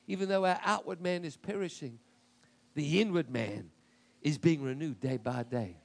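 A man preaching a sermon with emphatic declarations, slipping into a lower, quieter voice when he acts out people's complaints. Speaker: pastor.

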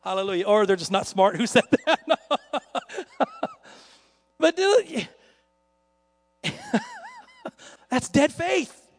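A man preaching a sermon in a joking, conversational way that builds to loud dramatic peaks. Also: very high voice, sing-song, extremely slow, long pauses, big-room sound.

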